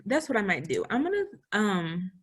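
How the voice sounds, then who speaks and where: This is a young woman co-hosting an informal educational chat. She talks casually with a lively, playful manner, laughing often. Her pitch sits in a middle range. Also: moderate pace, breathy edge. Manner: lively, laughing, acts out little scenes. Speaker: co-host.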